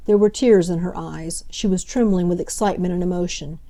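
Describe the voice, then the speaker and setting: A woman narrating a classic novel as an audiobook, reading in a measured, steady way. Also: lowish voice.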